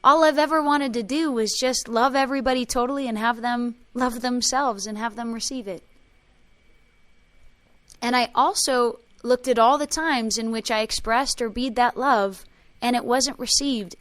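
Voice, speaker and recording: A woman leading a spiritual workshop, telling emotional personal stories with quoted dialogue and chanting a repeated clearing phrase. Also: fairly high pitch, steady tone, normal speed, fairly bright tone. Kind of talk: talk to a group.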